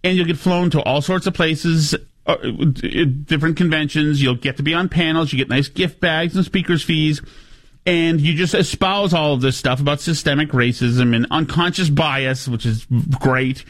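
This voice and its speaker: A man hosting a talk radio show, delivering sardonic, digressive commentary with filler pauses. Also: on the high side.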